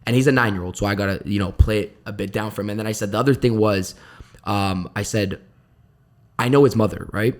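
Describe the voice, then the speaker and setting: A young man as a podcast guest in casual chat, telling stories quickly and acting out what people said to him. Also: on the low side. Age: young adult. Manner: fast storytelling, acts out quoted dialogue, many "I'm like".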